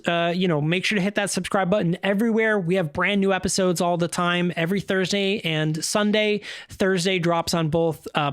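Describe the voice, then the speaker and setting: A man's voice: fairly high pitch, dry recording, studio quality. A man co-hosting a casual podcast, chatting and addressing listeners directly with upbeat sign-off plugs. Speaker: podcast co-host.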